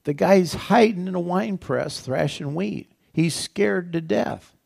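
A man's voice: sits high, slow pace, creaky, darkish tone, husky. A male pastor giving a sermon in a conversational way, repeating phrases and asking the congregation rhetorical questions. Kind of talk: sermon teaching.

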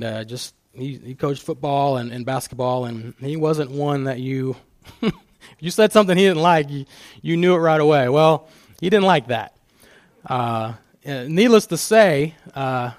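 A man's voice: mid-range voice, no room sound. A middle-aged man speaking as a guest speaker at church, telling personal stories with frequent restarts. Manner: personal storytelling with many restarts. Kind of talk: church talk on fatherhood.

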